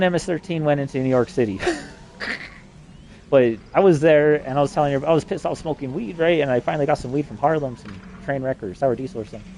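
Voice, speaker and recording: Man, rapid-fire profane storyteller, slightly high voice, faint noise under the recording. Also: darkish tone. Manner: profane, rambling, fast-talking. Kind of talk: rambling personal storytelling.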